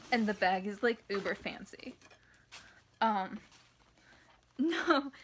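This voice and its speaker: Excitable young woman vlogging about books. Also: a little high. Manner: excitable, fills with "like", giggly. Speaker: book vlogger. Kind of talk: casual vlog chat. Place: inside her parked car.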